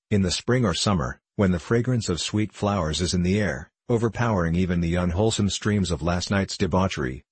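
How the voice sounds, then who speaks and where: A man narrating a classic novel in a measured, unhurried storytelling manner. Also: deep voice, slightly rough, no room sound.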